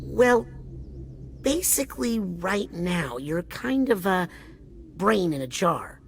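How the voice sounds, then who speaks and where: A woman's voice: lowish voice, sing-song, slow, creaky, a little hiss or hum, heavily acted. Woman voicing Raz, a plucky boy psychic. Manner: inquisitive, quippy. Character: plucky young boy psychic, curious and earnest. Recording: game music playing behind.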